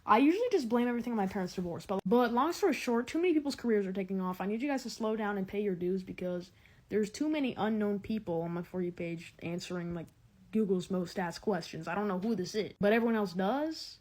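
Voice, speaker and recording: A woman's voice: mid-range voice, fast, a little mellow. A young adult woman delivering rambling, exasperated comedic rants straight to camera, full of "like" and restarts. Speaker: comedy video creator.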